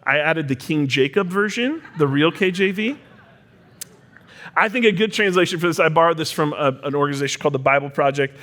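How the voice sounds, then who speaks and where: A man's voice: on the high side, brisk, a bit bright. A young man preaching a sermon in a casual, joking, teacher-like way. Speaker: pastor.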